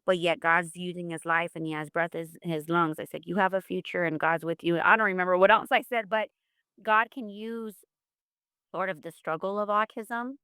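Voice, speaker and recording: Smooth-voiced mother telling her story. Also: fairly low pitch, steady tone, normal speed, a bit bright, no echo, clean studio sound. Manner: earnest, faith-filled storytelling. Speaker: guest, mother of an autistic son. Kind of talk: heartfelt podcast interview.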